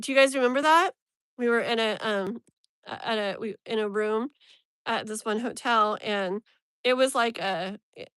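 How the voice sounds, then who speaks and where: A woman's voice: a little high, a bit bright, dry recording. Chatty woman livestreaming, dry close sound. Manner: rambling, chatty, laughs often. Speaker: live tarot reader and streamer. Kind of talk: casual live-stream chat.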